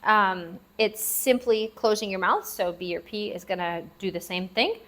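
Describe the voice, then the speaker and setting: A woman leads a language lesson at a steady, mid-range pitch. She talks patiently, repeating each new word slowly and spelling it out for her learners. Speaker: language teacher. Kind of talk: classroom-style language lesson. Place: lives abroad in Southeast Asia.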